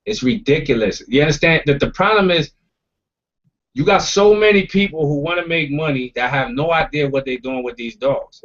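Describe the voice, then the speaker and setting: A man hosting a podcast roundtable, talking in a blunt, emphatic way with plenty of swearing. His voice sits at an ordinary pitch for a man. The audio is dull and lo-fi. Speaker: podcast host. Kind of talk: casual roundtable talk.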